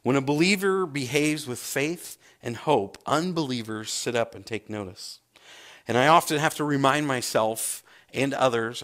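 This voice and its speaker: A man's voice: medium pitch, fairly bright tone. A man, a pastor preaching a sermon and acting out scripture scenes with big swings in his voice.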